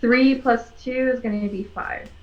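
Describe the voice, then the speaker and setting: A woman playing in a tabletop game, blunt and quick to swear and laugh. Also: on the high side, fairly even intonation, roomy sound, muffled recording. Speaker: player. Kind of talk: casual game chat.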